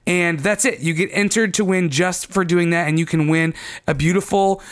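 A man's voice: high voice, normal speed, fairly bright tone. A man co-hosting a casual podcast, reading out a contest announcement with lots of ums. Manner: chatty, full of ums, teasing. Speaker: podcast co-host.

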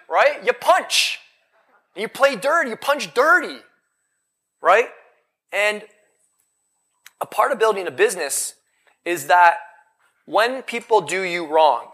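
Bright-voiced energetic male speaker. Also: sits high. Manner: energetic, rhetorical questions to the audience. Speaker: motivational speaker. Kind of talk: live seminar talk. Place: event hall in front of a live audience.

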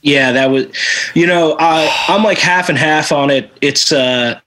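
A laid-back man tells a backstage story in casual chat, his voice bright and forceful. He swears freely and fills his talk with "like" and "you know.". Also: a little high, unhurried, poor audio. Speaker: podcast co-host, stagehand.

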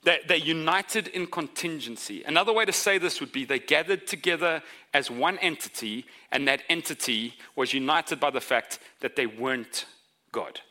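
A man preaching a sermon in a church, animated and joking with the congregation as he explains scripture. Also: on the high side, moderate pace. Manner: animated, jokey asides to the congregation. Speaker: pastor. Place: church sanctuary.

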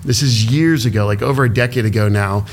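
A man being interviewed as an entrepreneur guest, speaking emotionally and haltingly with lots of fillers. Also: medium pitch, a little hiss or hum. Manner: halting, heavy use of "like" fillers.

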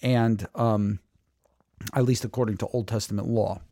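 A man's voice: on the low side, fairly even intonation, normal speed, warm tone, no echo, clean studio sound. A man in his thirties giving a casual, conversational Bible commentary, full of fillers and restarts. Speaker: Bible teacher.

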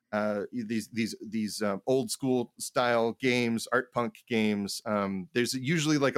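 A man's voice: mid-range voice, no room sound, clean studio sound. A man co-hosting a tabletop gaming podcast, talking in a loose, rambling way full of restarts and "like, you know". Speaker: podcast co-host, game master. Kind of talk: casual chat.

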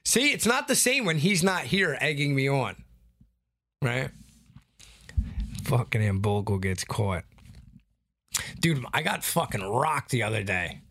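A man co-hosting a casual chat, telling stories in a loose, profane, animated way. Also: medium pitch, measured pace, long pauses, dry recording. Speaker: podcast co-host.

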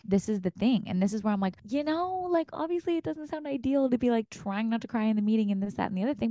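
A woman's voice: a little high, dark tone, no room sound. Probing woman co-host, dry sound. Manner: probing, self-reflective, swears. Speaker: podcast co-host. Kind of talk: casual chat.

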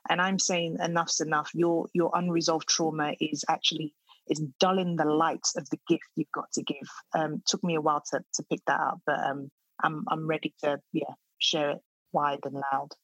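Middle-aged woman, podcast guest, husky and heartfelt, dry close sound. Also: low voice, flat delivery, normal speed, a bit bright, dry recording, poor audio. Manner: earnest, heartfelt, with many restarts. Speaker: podcast guest, speaker on trauma. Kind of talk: casual interview conversation.

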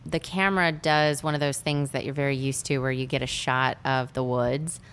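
Low-voiced woman recapping a movie. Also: fairly even intonation, normal speed, fairly bright tone, clean tone. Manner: rambling, with many fillers. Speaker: podcast co-host.

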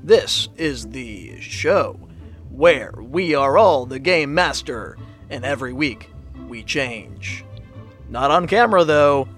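A man voicing an old-time male radio announcer who opens a tabletop game show with showy, drawn-out delivery. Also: medium pitch, animated, a bit bright, soft background music. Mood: grandiose.

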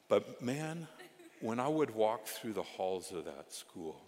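Low-voiced male pastor preaching in a reverberant hall. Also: slow. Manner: animated, swings from loud exclamations to hushed asides. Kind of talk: storytelling sermon. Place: church sanctuary.

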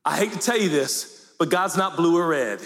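A man preaching a sermon to a church, impassioned, swinging between hushed talk and shouting with a sing-song cadence. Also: on the high side, expressive, moderate pace. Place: church sanctuary. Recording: echoey hall with music behind.

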